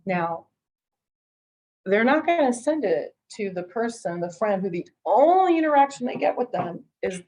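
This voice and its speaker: A woman's voice: fairly high pitch, very animated, moderate pace, a little mellow, rough recording. A middle-aged woman giving a conversational real estate training, chatty, full of restarts, acting out what callers say. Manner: chatty, repeats and restarts, acts out quoted callers.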